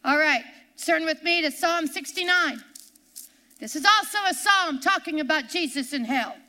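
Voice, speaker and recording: A woman pastor preaching a sermon in a church, repeating her lines and slowing down to cry out the verses she reads. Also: high-pitched, lively intonation. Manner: impassioned preaching, repeats lines, slows and shouts on scripture.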